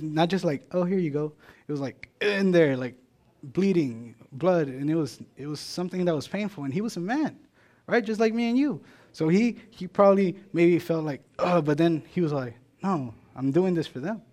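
Man, casual sermon, preacher, fairly high voice, chatty, keeps saying "right?", acts out small dialogues. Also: darkish tone.

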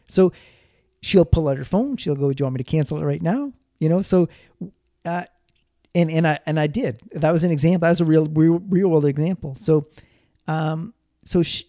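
A man's voice: fairly high pitch, mellow, dry recording, clean studio sound. A man giving casual personal finance advice, rambling with frequent restarts and repeated words.

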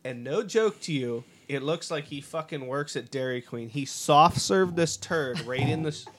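A young man telling a gross school story on a podcast with friends, excited and swearing. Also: fairly high pitch, moderate pace. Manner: excited, amused, profane. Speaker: podcast co-host. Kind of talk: casual storytelling among friends.

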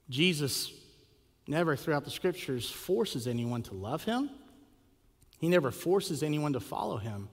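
A man preaching a sermon as a pastor, telling a story with lively acted quotes and rhetorical questions. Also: on the high side, a little slow. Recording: long hall reverb.

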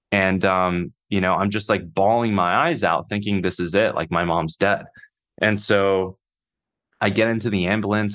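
A man telling his own life story off the cuff, halting and full of fillers, swearing casually. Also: fairly low pitch, fairly bright tone. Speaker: podcast host. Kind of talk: unscripted personal storytelling.

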